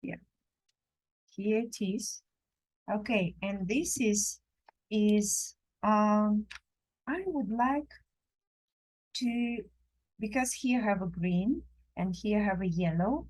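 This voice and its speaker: Slow, gentle woman teaching drawing. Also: mid-range voice, poor audio. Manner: slow, gentle, non-native phrasing with many pauses. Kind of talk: live drawing lesson. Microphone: camera while drawing at a table.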